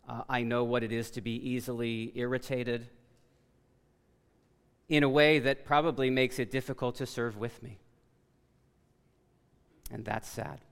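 A man preaching a sermon as pastor, loud and emphatic, often correcting himself mid-sentence. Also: mid-range voice, clean tone. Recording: long reverb of a large hall.

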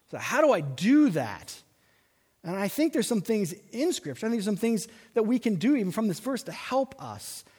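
A man preaching a sermon as pastor, animated, slowing down to stress his points. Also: high voice, breathy edge. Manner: animated preaching with slow emphatic stretches. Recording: long reverb of a large hall.

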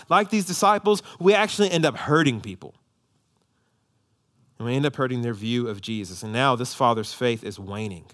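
A man in his thirties preaching a sermon as a pastor, swinging between quiet, tender asides and raised, emphatic calls. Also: medium pitch, moderate pace.

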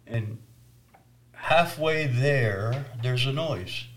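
A man recounts a personal testimony at an unhurried, deliberate pace. His delivery is dramatic, swinging between loud emphasis and hushed, near-whispered moments. His pitch sits in an ordinary middle range for a man. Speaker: traveling evangelist telling his story.

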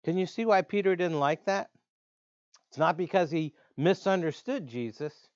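A man preaching a sermon in an earnest way, slowing down to stress key words. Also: on the high side, dry recording. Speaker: pastor. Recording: dull lo-fi dry sound.

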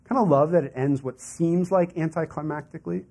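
A man's voice: a little high, a little fast, dark tone. A man preaching a sermon as a pastor in a conversational way, with asides and laughs.

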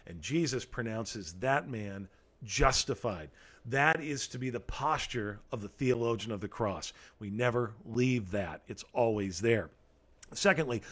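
An earnest man delivers a sermon, reading passages aloud and then explaining them. His voice sits a little higher than most men's. He leans on key phrases and repeats them for weight. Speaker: preacher.

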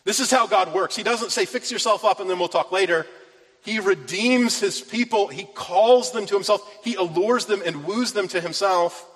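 A pastor with a high, slightly bright voice preaches a sermon from scripture at a normal pace, earnest and rising to stress key phrases. The large hall around him adds a long reverb.

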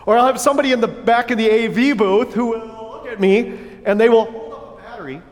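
A pastor preaching a sermon in a church, earnest but breaking into playful asides to the congregation on a wireless mic. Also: male voice, very high-pitched, fast talker. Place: church sanctuary. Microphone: wireless headset or lapel mic with battery pack. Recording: long church hall reverb.

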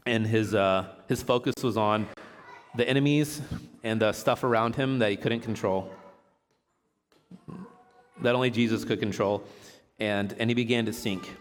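A man's voice: on the low side, slight background noise. A man giving a casual, chatty sermon, reading scripture aloud and joking with a laugh as he teaches. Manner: relaxed, chatty, jokes and laughs while teaching. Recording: long hall reverb.

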